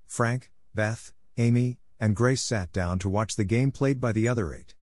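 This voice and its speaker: A man narrating a classic novel audiobook in a steady, measured reading on a close mic. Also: medium pitch, no room sound.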